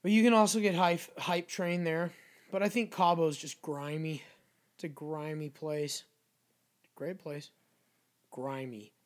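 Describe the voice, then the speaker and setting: A man's voice: on the high side, measured pace, long pauses. Mexican guy on a podcast, swearing a lot, acting out his stories. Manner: animated storyteller, swears constantly, acts out quotes. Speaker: podcast co-host. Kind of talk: casual chat.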